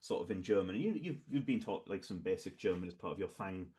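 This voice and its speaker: A slightly low-voiced man narrates a tabletop game as its game master. He feels his way through each description, stopping and restarting often and leaning on filler words as he builds the scene for his players. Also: lively intonation, fast, a crowd in the background. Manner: hesitant, rambling with many fillers.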